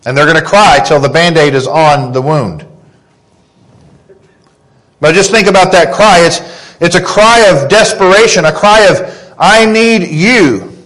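A man in his thirties preaching a sermon, earnest and deliberate, rising in pitch when he quotes scripture. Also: a bit bright, rough recording. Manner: slow, earnest preaching with emphatic rises on quotes. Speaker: pastor.

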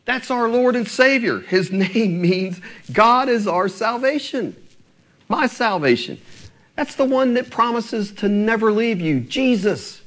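A male pastor preaching a sermon, asking his congregation rhetorical questions. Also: high voice.

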